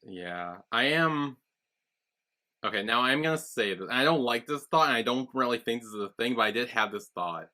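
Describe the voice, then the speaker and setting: A man's voice: animated, normal speed, sharp tone. A man co-hosting a podcast, casually recapping a TV episode and quoting its characters. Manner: retells scenes plot-style, quoting characters in a lowered voice. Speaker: podcast co-host.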